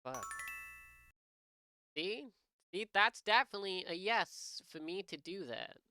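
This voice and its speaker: A man's voice: high-pitched, animated, measured pace, pushed and bright, smooth, no room sound, soft background music. A young man chatting on his live art stream, rambling and joking with lots of swearing and false starts. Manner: rambling, profane, joking, many restarts. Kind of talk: casual live-stream chat.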